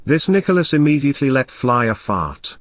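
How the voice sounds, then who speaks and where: A man narrates a classic tale in a measured storytelling manner. His pitch moves lively up and down. The recording is dry and close, with no room echo. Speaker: audiobook narrator.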